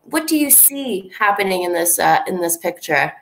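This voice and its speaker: A woman's voice: on the low side, animated, moderate pace, a bit bright. A woman from Canada with a Canadian accent, co-hosting a live online English lesson, easygoing and laughing often as she thinks aloud. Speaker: English teacher co-hosting a livestream.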